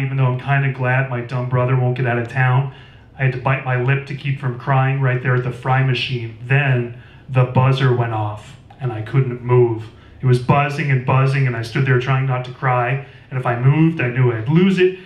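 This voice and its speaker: A man reads his own novel aloud at a live event in a record store. His narration is plain and steady, in the first person. The room echoes, and he sits well away from the mic. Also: mid-range voice, dull audio. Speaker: author. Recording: roomy store, distant mic.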